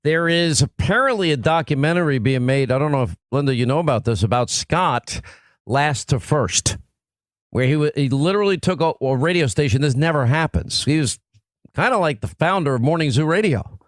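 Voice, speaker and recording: A man's voice: fairly high pitch, expressive, fairly quick, dry recording. A man hosting a talk radio show, speaking in an emphatic, combative monologue into a studio microphone.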